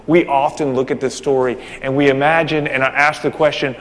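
A man's voice: medium pitch, moderate pace, hardly any pauses. Emphatic male preacher in a reverberant hall. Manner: animated, emphatic preaching with restarts. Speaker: pastor. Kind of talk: sermon. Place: church sanctuary. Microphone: handheld or stand microphone.

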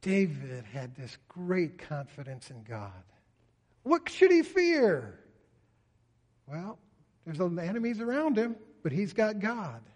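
A man's voice: fairly high pitch, lively intonation, a little slow, a little mellow. A man preaching a sermon in an earnest way, often voicing a psalmist's pleas in prayer. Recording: reverberant hall.

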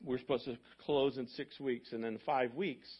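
A male pastor telling a story in a sermon, in a conversational way that moves between hushed and loud. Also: medium pitch, steady tone, moderate pace, husky, highs cut off. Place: church sanctuary.

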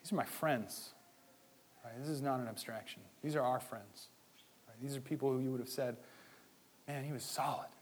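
A man preaching a sermon as pastor, talking conversationally and moving from quiet asides to loud pleading. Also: mid-range voice, a little fast, slight background noise.

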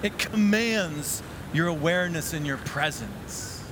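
A middle-aged man delivers a sermon from the pulpit in a fairly high voice. He drops to hushed asides, then swells louder and higher on the points he wants to land. The delivery has a lively, varied preaching lilt. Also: measured pace, noisy background. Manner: dynamic preaching, swinging between hushed asides and lifted, bigger emphatic lines. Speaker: pastor.

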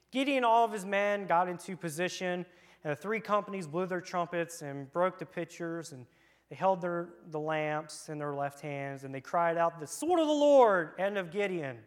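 With children in the church room, a man leads an interactive Bible lesson as children's church leader, reading scripture and joking in a relaxed, playful way. His voice is a little high, clear and resonant.

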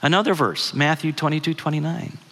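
A middle-aged man delivers a guest sermon, talking to the congregation like a friendly storyteller who stops to ask them questions. His voice sits a bit high and sounds bright. A long reverb from the hall trails after his words. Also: steady tone, a little fast. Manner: conversational storyteller, asks the audience questions. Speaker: guest speaker.

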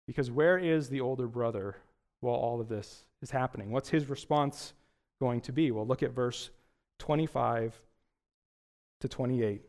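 A man's voice: medium pitch, moderate pace, darkish tone. A young adult male pastor preaching a sermon in a conversational way, often asking rhetorical questions.

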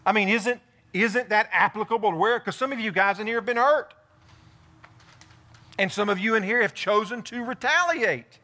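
A man preaching to a congregation in a bright, ringing voice that sits a little high. He retells scripture with lively, animated energy and steps into the story's speakers as he goes. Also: moderate pace. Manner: animated preaching, voicing David in first person. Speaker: pastor. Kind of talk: sermon. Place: church in front of a congregation.

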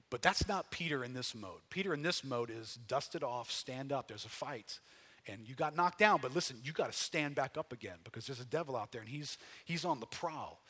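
Brief: man, pastor, conversational sermon, bright tone, big echoing sanctuary. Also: mid-range voice. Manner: conversational, earnest, frequent restarts. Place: church sanctuary.

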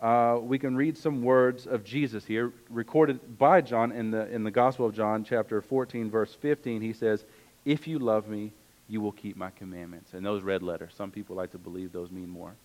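A man's voice: fairly low pitch, fairly even intonation, normal speed, a little mellow, low-quality recording. A man preaching a sermon, earnest and conversational, reading scripture aloud and adding casual asides. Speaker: pastor.

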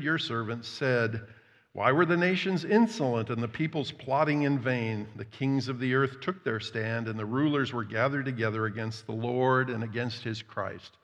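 A man of middle pitch preaches as a pastor, earnest and halting, his voice lifting as he reads scripture aloud. His words ring on in a long church reverb. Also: a bit bright. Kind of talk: sermon with scripture reading. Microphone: worn microphone.

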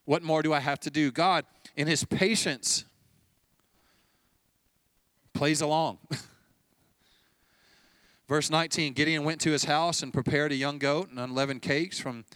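A male pastor delivering a sermon with a bright, forward tone that cuts through clearly. He preaches in a chatty, storytelling manner, slipping into quoted dialogue, and his voice sits dry and close with little room around it. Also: fairly high pitch, takes it slowly, long pauses, no echo. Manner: conversational storytelling, acting out dialogue with light laughs.

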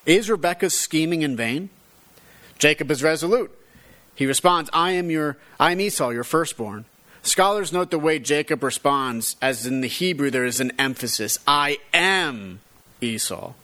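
A man's voice: fairly high pitch, normal speed, a bit bright. Man reading and explaining scripture. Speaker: Bible teacher.

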